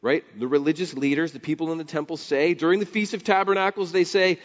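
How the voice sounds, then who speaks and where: A man preaching a sermon, animated and building to near shouts, quoting scripture and acting out the crowd's voices. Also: a little high, quick pace. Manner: animated, rising to near shouts on key points. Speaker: pastor. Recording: dull sound with long hall reverb.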